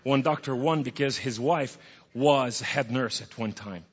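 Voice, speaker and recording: A man's voice: mid-range voice, unhurried, breathy edge. Man preaching in an echoey hall. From Middle East. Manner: theatrical, swings from hushed to loud outbursts. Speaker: guest speaker giving testimony. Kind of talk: dramatic preaching testimony. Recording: dull, echoey hall recording.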